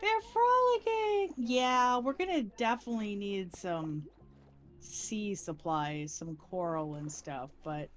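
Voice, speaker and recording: A woman streaming a block-building game in casual chat, giggly and excitable, with squeals when she is delighted. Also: mid-range voice, takes it slowly, soft background music.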